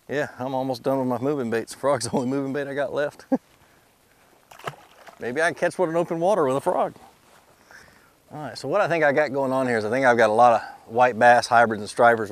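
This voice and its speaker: A man hosting a fishing video from a boat outdoors, excitable and quick to laugh, talking to the fish as he reels them in. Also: medium pitch. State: out of breath.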